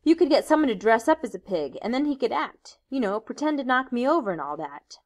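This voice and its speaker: A domineering boy who leads the hunt, as a woman reads him aloud. He barks commands and scoffs at the others, his voice pitched high and pushed loud. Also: very animated, a little fast. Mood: brusque, scornful. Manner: commanding, shouting orders. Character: bossy, aggressive schoolboy leader of hunters.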